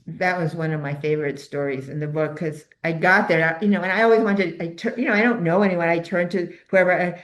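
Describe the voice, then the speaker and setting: An older woman, an author and interview guest, telling stories in an animated, rambling way with frequent restarts. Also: on the low side, quick pace, few pauses. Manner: animated, rambling with self-corrections. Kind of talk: storytelling interview answers.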